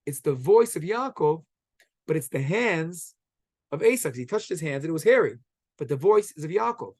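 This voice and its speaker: A man teaching a Torah class, telling the story with animated acted-out quotes. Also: a little high, no room sound. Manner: animated, quotes characters in quick acted voices.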